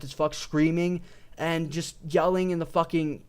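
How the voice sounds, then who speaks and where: A young man rambles through his opinions in a loose, unscripted way, his voice sitting a little high for a man. He swears constantly, trips over his own sentences and keeps circling back with "but listen", close on a desk mic. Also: steady tone, unhurried, a little mellow, smooth. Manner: profane, restarts often, repeats "but listen". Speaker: MMA YouTuber. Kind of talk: casual rambling commentary. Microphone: desk microphone.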